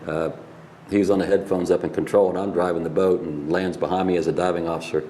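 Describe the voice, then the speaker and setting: A man's voice: sits low, little pitch movement, quick pace, mellow, slight background noise. An older man, a Navy veteran, telling rambling stories in a casual interview and laughing at his own pranks.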